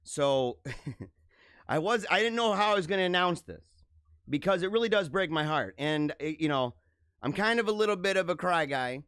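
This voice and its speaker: A man's voice: high voice, animated, normal speed, a bit bright, clean tone, dry recording, studio quality. A middle-aged man hosting his own live show, talking casually in a joking, emotional way with many restarts. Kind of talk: casual live-stream monologue.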